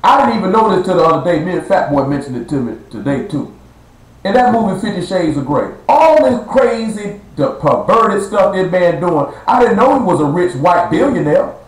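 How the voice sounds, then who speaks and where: A man's voice: high-pitched, sing-song, moderate pace. A man preaching a blunt, slangy sermon to a small live-streamed gathering, stretching out words for emphasis. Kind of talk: street-style sermon. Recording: echoey live stream room.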